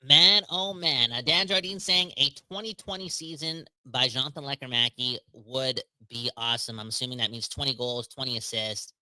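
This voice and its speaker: A man co-hosting a hockey podcast in casual chat, energetic and slangy, joking with viewers. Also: mid-range voice, moderate pace, few pauses, no echo. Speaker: podcast co-host.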